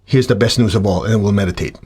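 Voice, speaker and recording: A man giving a spiritual talk to his students, animated and acting out the voices of students and of himself. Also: lowish voice, quick pace, husky. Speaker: spiritual teacher.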